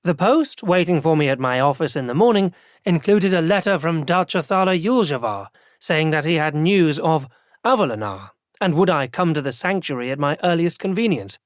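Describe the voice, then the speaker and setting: Male audiobook narrator, first-person, measured reading, dry studio sound. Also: fairly high pitch, lively intonation, dry recording.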